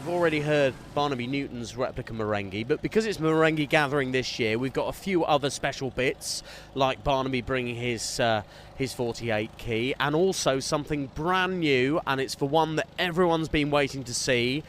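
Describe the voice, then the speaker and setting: A man's voice: mid-range voice, normal speed, fairly bright tone, a little hiss or hum. A man hosting on-location interviews outdoors at a fair, chatty and enthusiastic, teasing his guest. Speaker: radio presenter interviewing at a steam fair.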